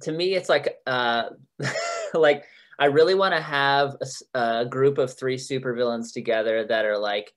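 A man's voice: mid-range voice, a little slow. A man who is a TV head writer, talking casually in a podcast interview, chatty with frequent laughs and restarts. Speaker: TV executive producer and head writer.

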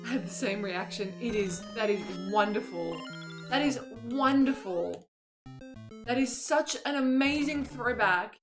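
An Australian woman in her twenties streams a game with lively, bouncing pitch that sits on the higher side, even as her speech stays unhurried. She is excitable and laughs often, and her voice jumps with each discovery. Faint music runs underneath. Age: 20s. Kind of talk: casual gameplay commentary.

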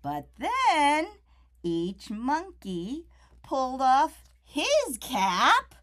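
A woman reads a picture book aloud to young children. Her high, lively voice swoops widely and takes its time. She is playful and animated, drawing the kids in with questions. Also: drawn-out words. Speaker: storyteller.

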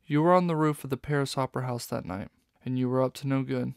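A man's voice: medium pitch, fast, gravelly, clear, resonant tone, no room sound, studio quality, close to an everyday voice. A man voicing a tough female fox police inspector in a storybook, with stern, snapping retorts. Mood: scornful.

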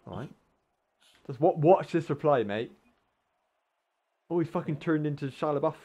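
A man commentates his own online gameplay in casual, sarcastic banter, cursing and exclaiming at his teammates with frequent exclamations and laughs. His voice is fairly high, dark and husky, at a normal speed.

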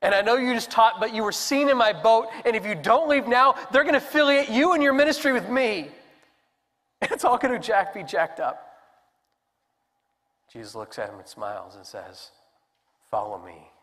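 A man preaching a sermon as pastor, telling the story with animated voices for the characters. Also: very high-pitched, moderate pace. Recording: long hall reverb.

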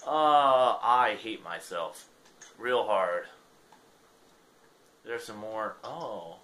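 A man's voice: on the low side, lively intonation, very slow, a bit bright. A young man giving casual gameplay commentary, rambling and self-deprecating. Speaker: gaming channel host.

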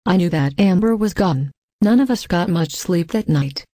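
A woman with a fairly low, dark, mellow voice reads a first-person ghost story in a measured, even way, and reads the quoted lines herself. The recording is close and dry, with no room sound. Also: no echo. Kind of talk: scripted ghost story narration.

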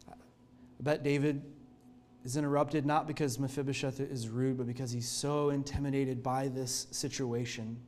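A male pastor preaching a sermon in a church, telling the story in an earnest, expressive way. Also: medium pitch, normal speed, slight background noise.

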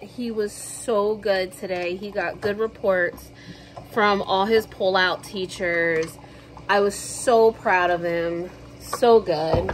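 Slow, chatty woman vlogging at home. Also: medium pitch, a bit bright, rough recording. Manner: chatty, slangy, jokey storytelling. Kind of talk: casual chat to camera.

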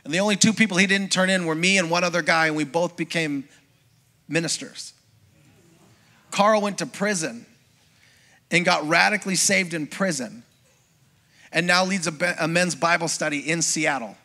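A middle-aged man, a pastor, preaching a sermon as a lively personal testimony and acting out the voices of people in his story. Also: fairly high pitch, moderate pace, long pauses. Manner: storytelling, acts out quoted voices, conversational with congregation.

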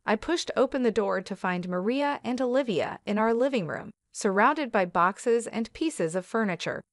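A woman narrating a dramatic first-person story in an even, measured way. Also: on the high side, no echo, clean studio sound.

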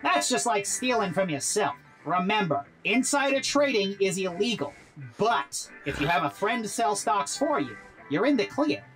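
A woman's voice: mid-range voice, sing-song, normal speed, over music, close to an everyday voice, poor audio. Woman voicing a slick scheming robot crook. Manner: slick, breezy, self-assured. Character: smooth-talking crooked robot businessman, scheming. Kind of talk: game character dialogue.

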